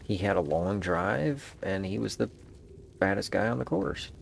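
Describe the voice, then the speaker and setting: A man's voice: on the low side, expressive, measured pace, vocal fry, slight background noise. A man musing aloud in a meandering, casual monologue, restarting his sentences as he thinks.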